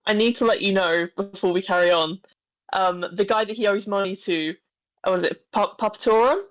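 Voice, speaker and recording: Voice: mid-range voice, fairly even intonation, normal speed, rough recording. A podcast co-host chatting casually and teasing the other host playfully. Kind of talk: casual chat.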